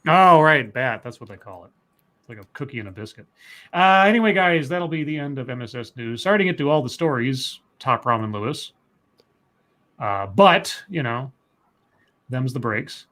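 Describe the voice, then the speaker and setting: A man's voice: medium pitch, lively intonation, normal speed, fairly bright tone. A man co-hosting a casual livestream, reading news stories aloud and rambling on with chatty asides and fillers.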